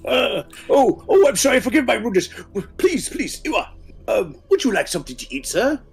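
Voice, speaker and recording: A man voicing a jovial, large bearded professor with a booming, hearty manner. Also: very animated, normal speed, vocal fry, breathy edge, soft background music, heavily acted.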